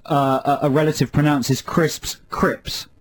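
A man's voice: mid-range voice, fast, a little mellow, slight background noise. A man co-hosting a radio show, chatting casually and wryly with a caller. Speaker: radio host.

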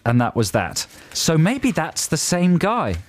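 A man's voice: fairly high pitch, wildly swooping pitch, measured pace. A man co-hosting a comedy podcast, reading emails and adding wry asides with laughter. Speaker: podcast co-host. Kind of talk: casual comedy chat, reading listener emails.

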